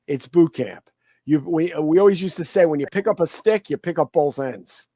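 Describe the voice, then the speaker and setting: Animated man talking markets. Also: moderate pace, no room sound, rough recording. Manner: animated, repeats words, acts out quoted people in high mocking voices. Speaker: guest commentator. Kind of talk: casual conversational interview.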